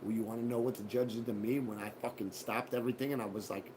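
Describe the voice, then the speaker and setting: A man hosting a live show, telling a personal story in a profane, animated way and acting out what others said. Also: mid-range voice, quick pace, background noise. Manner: profane, animated retelling with acted quotes. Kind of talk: casual storytelling.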